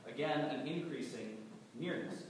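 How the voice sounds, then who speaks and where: Brief: New England-accented male preacher with a cold, chatty and wry, mid-pitched voice heard from far off in a reverberant hall with steady noise. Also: moderate pace. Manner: conversational, gently humorous, stumbles and repeats words. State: has a cold. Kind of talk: sermon. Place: large church hall.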